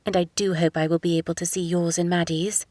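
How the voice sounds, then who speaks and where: A woman voicing a runaway young princess who speaks formally and gently. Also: fairly low pitch, little pitch movement, fast, no echo, lightly acted. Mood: gentle.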